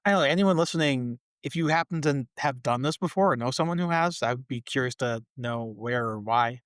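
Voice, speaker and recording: A man co-hosting a podcast, casually recapping a sitcom episode with a relaxed, chatty delivery. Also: medium pitch, a little fast, no echo, clean studio sound. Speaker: podcast co-host.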